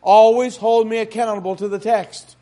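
A man's voice: sits high, flat delivery, normal speed, mellow. A man pastor preaching a sermon in a church, talking to the congregation with frequent rhetorical questions.

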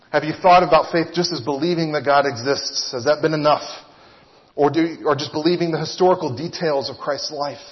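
A man delivers an earnest sermon in a slightly raised voice, working through his point with rhetorical questions to the congregation. His words ring with a long reverb, as if from a large hall, and the recording sounds dull and muffled. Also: fairly high pitch. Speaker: preacher.

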